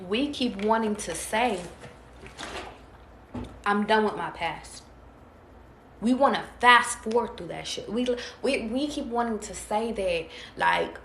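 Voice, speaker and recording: A woman's voice: mid-range voice, a little slow, fairly bright tone. A woman tarot reader, talking bluntly and profanely to her viewers. She hammers her points home through repetition. The recording is roomy and echoey, with a faint hiss underneath. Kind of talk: casual spiritual pep talk to viewers. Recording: echoey room with faint noise.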